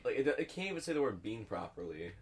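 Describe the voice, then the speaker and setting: A teenage boy co-hosting a casual comedy podcast, telling stories in an animated way. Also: medium pitch, quick pace, slightly rough. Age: teens. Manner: animated storytelling. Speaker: podcast co-host. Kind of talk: casual chat.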